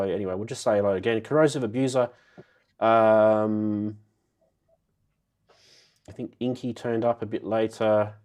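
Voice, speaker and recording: A man's voice: on the low side, a little mellow. Nasal-sounding man with a cold. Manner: chatty, laughs often, greets viewers by name. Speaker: host of a live synth show. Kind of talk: casual live-stream chat.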